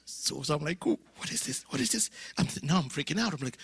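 A man's voice: sits high, fast, gravelly, slightly rough, dry recording. A man in his fifties from Africa, preaching at a church conference and telling a story with acted-out dialogue and sudden whispers. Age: 50s. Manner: animated, acts out dialogue, drops to whispers. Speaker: guest preacher. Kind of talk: storytelling sermon.

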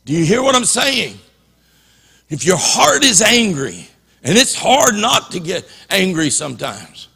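A man's voice: sits high, big pitch swings, unhurried, vocal fry, bright, forceful tone, husky, in a large hall. A man preaching a passionate sermon as a pastor in a church, often repeating and restarting his words.

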